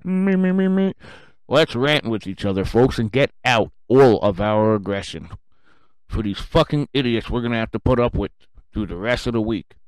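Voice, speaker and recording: A man hosting his own radio show, delivering an angry, sarcastic rant full of cursing, swinging between low muttering and loud outbursts. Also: moderate pace, clear, resonant tone, no room sound. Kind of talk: profane rant.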